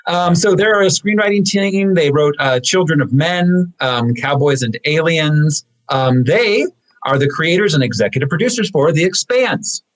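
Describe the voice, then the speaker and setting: A man's voice: on the high side, lively intonation, moderate pace, poor audio. A man co-hosting a film podcast, chatting casually as he goes through credits with fillers and small laughs. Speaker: podcast co-host.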